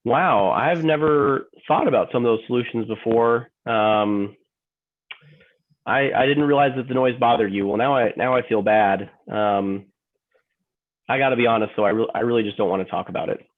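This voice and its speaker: A man's voice: mid-range voice, normal speed, pitched below the performer's own voice, lightly acted. A man playing an emotional office worker in a training role-play, stammering, repeating himself and apologizing over and over. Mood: distraught. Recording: tinny phone-like line.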